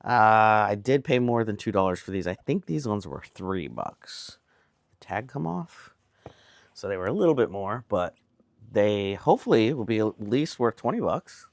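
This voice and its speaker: Chatty low-voiced man showing thrift finds. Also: big pitch swings, moderate pace, creaky, dry recording. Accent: American. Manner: chatty, rambling, self-amused. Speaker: reseller showing a haul. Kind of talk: casual vlog talk. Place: home indoors.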